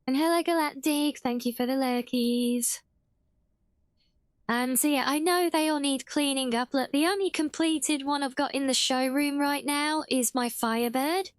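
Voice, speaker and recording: A woman's voice: high-pitched, moderate pace, no room sound. A British woman streaming a game live, chatting casually, often correcting herself mid-sentence and answering her chat. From Britain (half English, half Welsh).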